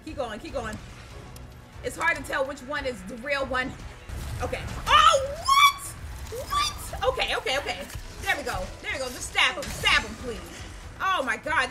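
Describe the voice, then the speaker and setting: A woman giving casual, profane let's-play commentary, loud and excitable as she yells at the game. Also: fairly high pitch. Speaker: gaming channel host. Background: game music.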